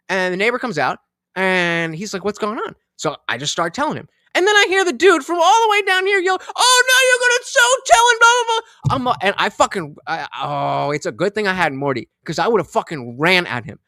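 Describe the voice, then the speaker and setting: A man hosting a live stream, telling a heated story in a profane, animated way, acting out both sides of an argument with many restarts. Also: sits high, brisk, no room sound, clean studio sound. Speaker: streamer host. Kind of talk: casual storytelling rant.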